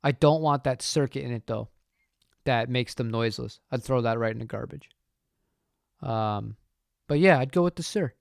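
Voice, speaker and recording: A man's voice: medium pitch, normal speed, creaky, pauses often, dry recording, studio quality. A man hosting a livestream, reading and answering chat in a casual, rambling, opinionated way. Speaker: channel host answering chat.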